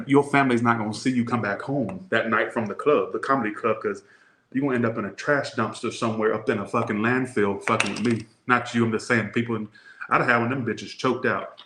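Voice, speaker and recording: Joking Southern man with a bright voice. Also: medium pitch. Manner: joking, rambling, crude asides. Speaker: tarot reader. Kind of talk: casual tarot reading to camera. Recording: echoey room.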